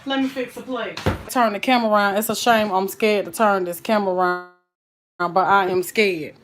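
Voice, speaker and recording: A woman's voice: medium pitch, fairly even intonation, moderate pace. A woman chatting folksily while cooking on a live stream, calling her viewers child and honey. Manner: folksy and chatty, full of endearments.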